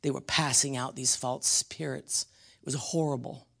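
A man preaching a blunt, emphatic teaching sermon, slowing down and dropping to a whisper on key words. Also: medium pitch, fairly even intonation, gravelly, fairly bright tone.

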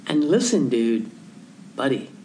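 A woman whose voice is very deep shares a Christian story slowly and conversationally. She animates it by voicing the characters and now and then whispering. The recording is rough, with a little hiss or hum.

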